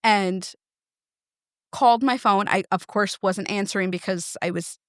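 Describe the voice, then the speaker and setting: A woman in her thirties tells a family story on a podcast, animated and chatty, acting out the voices of others. Her pitch sits in a middle range and the sound is dry and close. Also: measured pace, dry recording. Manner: animated, acts out quoted voices. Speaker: podcast co-host. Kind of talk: casual storytelling chat.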